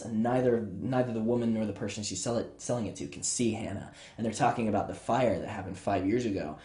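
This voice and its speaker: A man's voice: lowish voice, mellow. A young man recapping a children's horror book for laughs, rambling, sarcastic and swearing freely. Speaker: podcast host. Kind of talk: profane comedic book recap. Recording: roomy echo.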